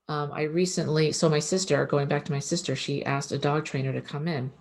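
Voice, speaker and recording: A woman's voice: low-pitched, steady tone, brisk, creaky, few pauses, a little mellow. A woman, an animal communicator, giving casual advice in an earnest, conversational way that often repeats itself.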